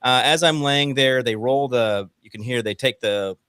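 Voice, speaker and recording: A man's voice: mid-range voice, normal speed, smooth, dry recording, clean studio sound. A man co-hosting a casual morning talk show, telling a long personal story and acting out the people in it. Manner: animated storyteller, acts out quotes, swears casually. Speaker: co-host.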